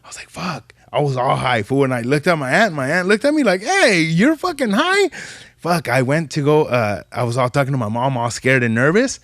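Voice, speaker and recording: A young man telling animated stories in casual podcast chat, full of profane slang. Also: quick pace, few pauses, dry recording, studio quality. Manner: animated, profane street slang, jumps pitch when quoting people. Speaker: podcast guest.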